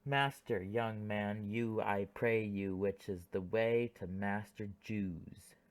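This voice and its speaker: A man's voice: on the low side, fairly even intonation, takes it slowly. A man voicing a plodding, half-blind old father who asks the way, in an audiobook play reading. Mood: questioning.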